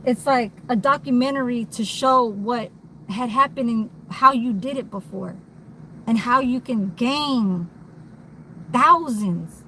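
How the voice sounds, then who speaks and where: A woman talks straight to camera in a loose, rambling way, blunt and unafraid to swear. Her voice is bright and sits a little high. She is recording inside a vehicle, with a faint hum underneath. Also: takes it slowly, poor audio. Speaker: vlogger. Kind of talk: candid unscripted monologue.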